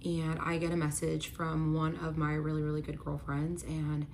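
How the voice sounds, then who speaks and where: Young woman telling a storytime, kinda low voice, says like a lot, acts out what people said. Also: monotone, moderate pace, a little mellow, slight background noise. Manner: chatty, fillers of "like", acts out quotes. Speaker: storytime vlogger. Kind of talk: casual storytime.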